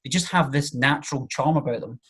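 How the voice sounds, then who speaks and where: Man, husky, podcast guest, casual chat, explains with examples, chatty. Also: mid-range voice, fairly quick, fairly bright tone. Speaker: podcast guest, charisma coach.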